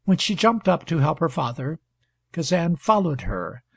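A man narrates a novel in a steady, measured way. His somewhat high voice has a gravelly, husky grain, and the recording is close and dry. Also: no echo. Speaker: audiobook narrator. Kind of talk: scripted narration.

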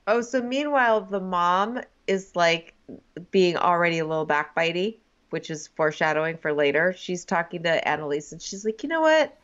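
A woman's voice: fairly low pitch, normal speed, fairly bright tone. A woman in casual chat who talks in a chatty way with plenty of fillers. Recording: dull lo-fi sound.

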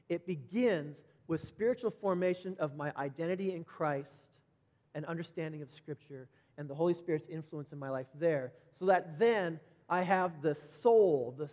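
A middle-aged man preaching a sermon conversationally, repeating words as he goes and brightening when he acts out quoted voices. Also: a little high. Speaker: pastor. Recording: dull lo-fi sound with long hall reverb.

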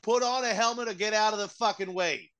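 A man's voice: high-pitched, a loud crowd, pitched above the performer's own voice, lightly acted. A man voicing a pushy, aggressive fire-truck siren with a mixed Boston, Philly and New York accent, drawing out his vowels. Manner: shouty, gruff, drawn-out vowels.

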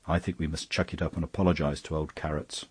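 A man's voice: rumbling low, little pitch movement, fast talker, darkish tone, breathy edge, no room sound, heavily acted. A man reading aloud, voicing a blunt, hearty male friend who talks gloomily or in protest. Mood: gloomy. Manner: gloomy, then exclaiming in protest.

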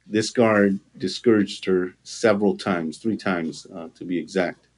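Man, very deep voice, earnest testimony, halting, lots of ums. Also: a little mellow. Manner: halting, with frequent fillers and restarts; earnest, with occasional laughter. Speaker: interview guest. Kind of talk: personal testimony in conversation.

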